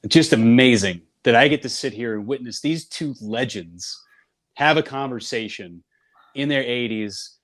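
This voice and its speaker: A man's voice: mid-range voice, a little slow. A man from Northern California, a baseball broadcaster, telling stories in a casual interview and acting out the people he quotes. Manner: animated storyteller who acts out quotes. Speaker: baseball play-by-play broadcaster, guest. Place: store in Wisconsin.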